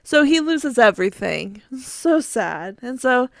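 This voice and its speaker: A woman telling a story in a casual podcast, halting and giggly, with lots of fillers. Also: fairly high pitch, very animated, gravelly, dry recording, clean studio sound. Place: home.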